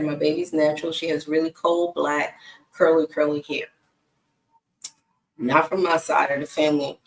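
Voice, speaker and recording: A woman who works as a single mom coach, telling stories in a casual chatty vlog and laughing often. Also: fairly low pitch. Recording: echoey room.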